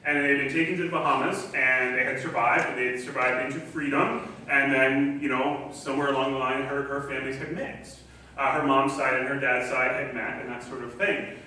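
In a church sanctuary, a man gives a conversational sermon as pastor, using a mid-range voice with a level tone that's bright and forceful. He moves fairly quickly and keeps things chatty and casual, with frequent ums and restarts. The hall is very echoey, the mic sits at a distance, and a faint hiss runs underneath.

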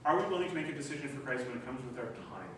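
Animated preacher in an echoey hall. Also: male voice, mid-range voice, very fast. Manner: animated, acts out voices in quoted dialogue. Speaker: pastor. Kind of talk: sermon. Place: church hall. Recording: echoey room from a distance, faint noise.

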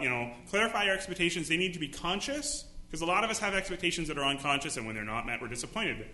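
A man's voice: fairly high pitch, pushed and bright, echoey room. A male pastor preaching a sermon, acting out quotes with dramatic voices. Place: church sanctuary.

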